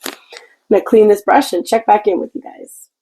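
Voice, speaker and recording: A woman's voice: medium pitch, steady tone, a little fast, dark tone, breathy edge, rough recording. A woman hosting a casual craft tutorial, chatty and meandering as she explains her painting step by step. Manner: chatty and meandering, with frequent restarts.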